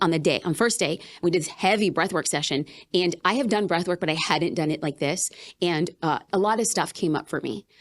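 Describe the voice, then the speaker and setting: A woman guest in a candid interview, talking in an animated, emphatic way and repeating phrases for emphasis. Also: lowish voice. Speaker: podcast guest. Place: business retreat in Austin.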